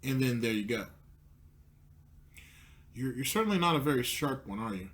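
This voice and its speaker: Male commentary host, mid-pitched, sarcastic and profane, needles his target. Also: lively intonation, moderate pace, fairly bright tone.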